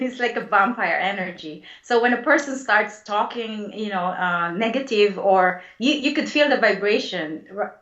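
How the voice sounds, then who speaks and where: A woman guest, a spiritual healer, answering interview questions in a gentle, reflective way and laughing easily. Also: medium pitch. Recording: dull lo-fi sound in an echoey room.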